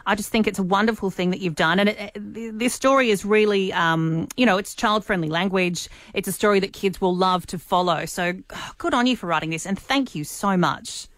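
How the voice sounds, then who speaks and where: A woman's voice: medium pitch, a little fast, hardly any pauses, no room sound, studio quality. A woman in her thirties co-hosting radio, encouraging and kind. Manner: warm, encouraging. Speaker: radio co-host.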